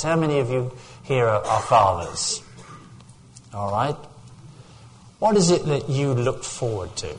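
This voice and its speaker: A man's voice: mid-range voice, big pitch swings, unhurried, pauses often, a little hiss or hum. An older man from England preaching a sermon, telling personal stories and rising to fervent peaks.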